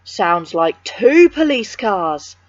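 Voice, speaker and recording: A woman's voice: mid-range voice, big pitch swings, slow, no room sound. A woman voicing a blunt, greedy male burglar who drags out his words, on a dull, dry recording. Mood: gruff.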